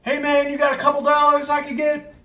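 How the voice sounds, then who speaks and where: A rough, demanding man begging for a dollar in a strained, raised voice, as a storyteller puts him on. He sounds distant from the mic, in a roomy space. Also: extremely high pitch, monotone, a little fast, pitched above the performer's own voice. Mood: pushy. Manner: loud, pushy, demanding. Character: aggressive intoxicated man begging for money.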